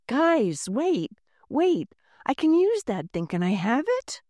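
A woman voicing an excitable little girl inventor, high and eager. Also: normal speed, dry recording, studio quality, natural voice. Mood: excited.

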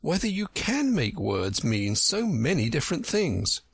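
A man reading a storybook aloud, voicing a polite, curious young girl with a raised, girlish pitch. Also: big pitch swings, unhurried, vocal fry, husky, dry recording, studio quality, heavily acted.

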